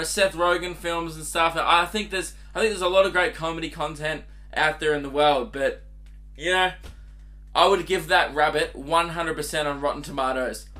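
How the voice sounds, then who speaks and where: A man's voice: fairly high pitch, pushed and bright. A young man hosting his own podcast, rambling through crude, giggly stories in a casual solo monologue. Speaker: podcast host.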